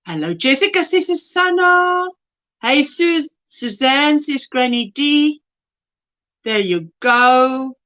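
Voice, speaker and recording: A South African woman hosts a crochet livestream, warmly greeting viewers, reading their chat messages aloud, and laughing often. Her voice is high with lively intonation, and she speaks slowly.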